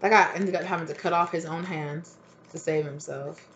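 Woman tarot reader, casual and blunt, low-ish voice, dull lo-fi recording. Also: fairly even intonation, normal speed, fairly bright tone, a little hiss or hum. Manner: chatty, blunt, full of fillers.

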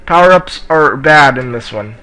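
A man giving casual let's play commentary while racing, excitable and yelling at the racers in the game, with a sore throat. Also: mid-range voice, normal speed, crowd noise, poor audio. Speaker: gamer playing on his channel.

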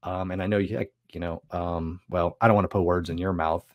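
A man's voice: low voice, level tone, a little fast, no echo, dull audio. A man co-hosting a casual business talk, speaking in a reflective coaching way with frequent restarts. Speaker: podcast co-host.

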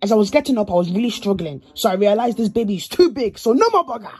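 A young woman narrating her own comedy skit with dramatic, exaggerated delivery and deadpan asides. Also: mid-range voice, fast talker, husky. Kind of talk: comic narration. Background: background music.

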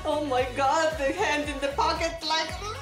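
A woman's voice: sits high, moderate pace, reverberant. A woman gushing breathlessly and giggling as she reacts to a music video in her vlog. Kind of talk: excited fan reaction vlog.

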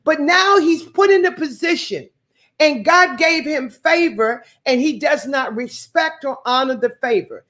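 High-voiced woman preaching with call-and-response. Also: lively intonation, a little slow, fairly bright tone. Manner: call-and-response preaching, repeats phrases, frequent hallelujahs. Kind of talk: sermon.

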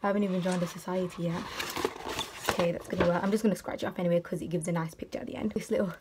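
A woman's voice: fairly low pitch, fairly even intonation, rapid-fire. Young woman, casual rambling vlog chat on a handheld phone, noisy street sound. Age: young adult. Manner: chatty, rambling, says "literally" a lot. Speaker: student vlogger. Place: bus stops, street and home. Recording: noisy outdoor phone audio.

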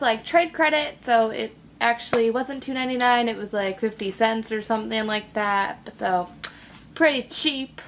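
High-voiced bubbly young woman. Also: fairly bright tone, slight background noise. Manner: chatty and bubbly, with many fillers. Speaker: book vlogger. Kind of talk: casual bookshelf tag vlog.

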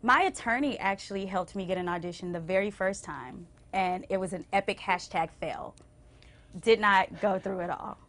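A young adult woman singer telling stories as a TV interview guest, acting out quotes with big swings and going hushed when moved. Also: normal speed. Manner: expressive, acts out quotes with big pitch swings. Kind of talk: animated storytelling in a TV interview. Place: TV station interview.

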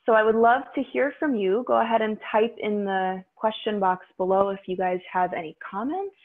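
Over tinny audio, a woman of medium pitch leads a guided yoga class at a moderate pace. As the instructor, she calmly cues breathing and poses.

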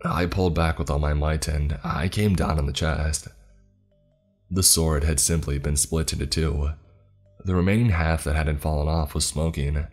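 Very deep-voiced man narrating horror. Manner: measured, dramatic storytelling. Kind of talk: scripted horror story narration. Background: faint music.

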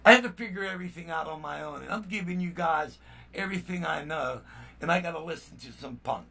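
Older musician guy rambling to his viewers, sharp edgy tone, mic kinda far off. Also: fairly high pitch, quick pace, creaky. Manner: blunt, rambling, peppered with "you know what I mean"; heated and indignant. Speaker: musician and channel host. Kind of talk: casual vlog talk to viewers.

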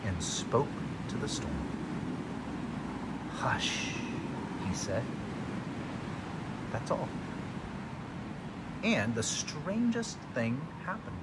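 A man narrating a children's Bible storybook in an expressive, dramatic way. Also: fairly high pitch, slow, long pauses, very noisy.

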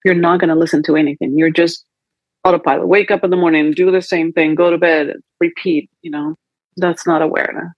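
A holistic coach, guesting on a podcast, talks reflectively through feelings in conversational coaching talk, slipping into quoted voices for her inner dialogue. Her lowish voice has fairly even intonation and moves briskly. There's no room sound, and the highs are cut off.

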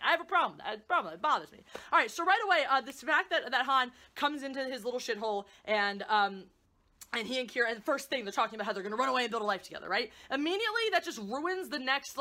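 Female reviewer, high and lively, sarcastic and profane rant. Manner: sarcastic, profane, animated ranting. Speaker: movie reviewer. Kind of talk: ranting casual review.

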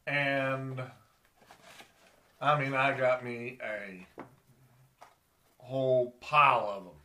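A middle-aged man talks slowly in a bright, forward voice. He rambles in a folksy way, speaking straight to his viewers like a charter captain showing off his gear. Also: medium pitch, steady tone, slight background noise. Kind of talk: casual show-and-tell vlog.

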